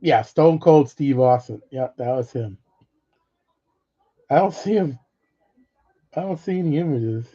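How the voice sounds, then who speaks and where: A man's voice: medium pitch, measured pace, pauses often, mellow, breathy edge. A middle-aged man casually rambling through old stories, swearing freely and laughing between them. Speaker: vlogger. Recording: dull lo-fi audio.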